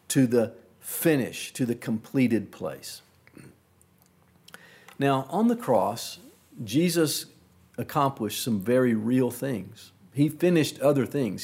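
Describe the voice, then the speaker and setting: Guy preaching a sermon, kinda husky voice, repeats words for emphasis and goes quiet on the big ones. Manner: slow, emphatic build through repeated phrases; drops pitch and volume on key words.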